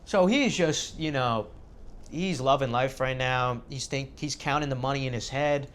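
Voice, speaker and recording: A man tells a story in a relaxed, chatty way, full of filler words. His voice sits at an ordinary middle pitch for a man. He rushes ahead, then slows down for effect. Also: slight background noise. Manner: animated, filler-heavy. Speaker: host. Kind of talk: casual storytelling.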